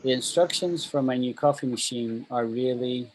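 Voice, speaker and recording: A man's voice: mid-range voice, normal speed, a little mellow, slight background noise, low-quality recording. A man teaching an online English class, patiently drilling pronunciation over a video call.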